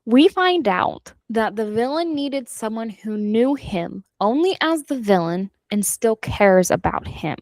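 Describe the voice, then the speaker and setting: A woman's voice: fairly high pitch, measured pace, hardly any pauses, no room sound, studio quality. A woman hosting a book club podcast, casually retelling the plot with laughs and acted-out lines. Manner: animated, laughing, acting out characters' lines.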